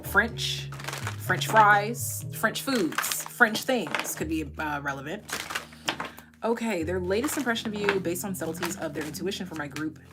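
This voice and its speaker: Woman, tarot reader on a casual live stream, low-ish voice, loose and jokey, music playing underneath. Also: animated, a little slow. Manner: chatty, rambling, swears freely and laughs at own jokes.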